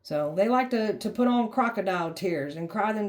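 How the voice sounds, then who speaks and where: A woman's voice: medium pitch, expressive, normal speed, few pauses. A woman giving a blunt tarot reading, sassy and heated, swearing freely and mocking the people she describes. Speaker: tarot reader.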